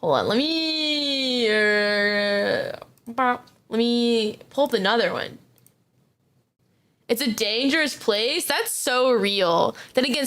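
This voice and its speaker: A young woman on a live stream, talking in a high, bright voice that leaps all over the place. She is excitable, laughs often and swears casually while reacting to clips. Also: smooth. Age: young adult.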